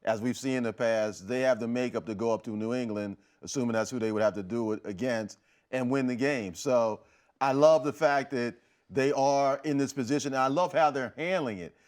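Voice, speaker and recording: A man on a studio sports panel, laying out his views in a measured, steady way. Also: medium pitch. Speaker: team writer on a panel. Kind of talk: casual panel chat.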